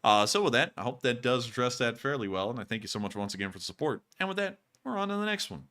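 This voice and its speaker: A man hosting a livestream Q&A, casual and quick to laugh, repeating the same sign-off phrases. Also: mid-range voice, animated, bright, forceful tone. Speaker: host.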